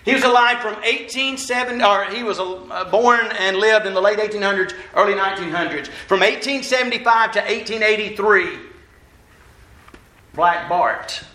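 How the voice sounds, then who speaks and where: A man's voice: sits high, moderate pace, pushed and bright. Folksy man preaching in an echoey hall. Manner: folksy, self-deprecating, moves around while preaching. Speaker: minister. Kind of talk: conversational sermon. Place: church hall.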